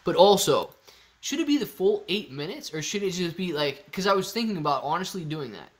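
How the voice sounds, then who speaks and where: Man, live-stream host, casual chat, excitable, talks to viewers, higher-pitched. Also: a little fast. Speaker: livestream host.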